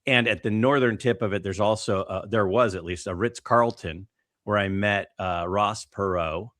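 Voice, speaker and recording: A man co-hosting a casual podcast, telling stories in an animated way with lots of fillers and restarts. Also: lowish voice, moderate pace, dry recording, clean studio sound. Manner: animated, storytelling with many fillers. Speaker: podcast co-host.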